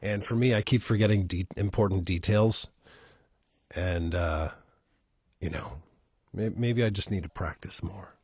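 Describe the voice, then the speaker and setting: Deep-voiced, rambling man storyteller. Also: measured pace, long pauses, darkish tone, husky, no room sound, clean studio sound. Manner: rambling, self-deprecating, stumbles over words. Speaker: storyteller reading listener requests. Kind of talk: casual live-stream reading.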